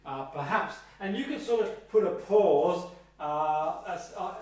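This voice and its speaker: A middle-aged man teaching a seminar on hypnotherapy, speaking haltingly with many ums and slow, emphatic pauses. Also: high voice, expressive, a little mellow. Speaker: hypnotherapy trainer. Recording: echoey room, heard from a distance.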